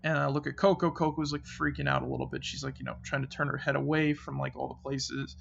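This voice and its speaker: Gravelly-voiced man telling a spooky story. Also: mid-range voice, expressive, a bit bright, lo-fi sound, a little hiss or hum. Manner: rambling, halting, frequent "like" and restarts; uneasy, drops to a murmur when voicing his own fearful thoughts. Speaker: channel host. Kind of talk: casual storytelling.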